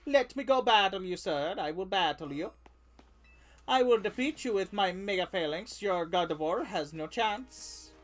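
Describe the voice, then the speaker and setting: A streamer voicing a dim, muscle-bound male trainer with a put-on Swedish accent, slow and blustering. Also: medium pitch, animated, close to an everyday voice. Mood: boastful.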